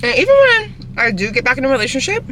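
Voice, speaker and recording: A young woman rambles in a loose, chatty vlog while eating in her car. Her voice is bright and forward, with faint vehicle hum behind her. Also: sits high, sing-song, fast talker. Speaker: vlogger. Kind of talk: casual rambling chat. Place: inside a parked car.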